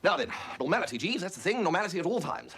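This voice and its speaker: Dithery young posh guy, stammers a lot, pitch bouncing all over, music in the back. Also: big pitch swings, rapid-fire. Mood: flustered. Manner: stammering, hesitant. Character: flustered young gentleman, bumbling and evasive. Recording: television drama with music score.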